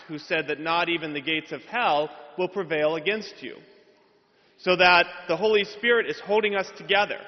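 A priest preaches a homily with a fairly high voice and a humorous, self-deprecating storytelling manner. His voice carries a long church reverb, and the sound is a bit dull.

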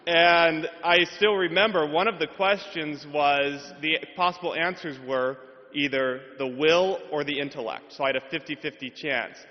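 A man's voice: on the high side, steady tone, normal speed. A male priest giving a homily, telling a humorous, self-deprecating story in a church. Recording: reverberant hall, dull sound.

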